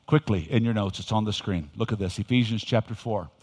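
An older man, a pastor, preaching a sermon with folksy storytelling that swings into loud emphasis. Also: lowish voice, fairly quick, husky. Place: church sanctuary. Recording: reverberant hall.

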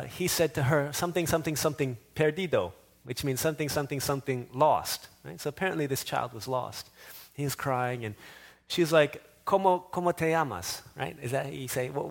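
A middle-aged man preaching a sermon as pastor, moving between animated, louder exhortation and quiet, softer storytelling. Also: medium pitch, creaky.

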